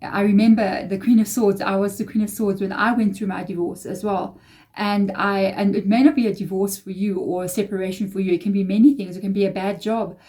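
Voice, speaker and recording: A woman's voice: mid-range voice, fairly even intonation, brisk, warm tone. A woman giving a tarot reading to her viewers, earnest and reassuring, often repeating phrases for emphasis. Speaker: tarot reader.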